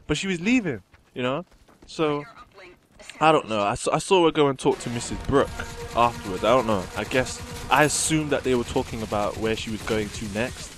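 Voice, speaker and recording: A man's voice: medium pitch, animated, fairly quick. A young man chatting casually and giggling while commenting over gameplay. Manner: chatty, giggly, rambling with fillers. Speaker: gaming commentator.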